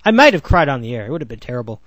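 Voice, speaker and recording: Young guy riffing on sports alone, sarcastic, restarts a lot, lively up and down, dry close sound. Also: medium pitch, racing, no echo, highs cut off. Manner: rambling, self-correcting, sarcastic asides. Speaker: podcast host. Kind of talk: solo sports podcast monologue.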